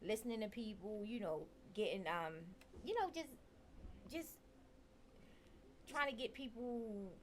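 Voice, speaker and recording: Relaxed woman guest. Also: fairly high pitch, measured pace, long pauses, a little hiss or hum. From Baltimore. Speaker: guest musician. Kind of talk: casual interview chat.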